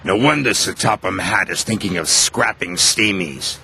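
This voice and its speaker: Brief: man putting on a sneering diesel engine for a storybook; low, gravelly, sharp-edged and drawn out. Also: normal speed, slight background noise, exaggerated voice. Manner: rude and mocking. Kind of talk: storybook character voice.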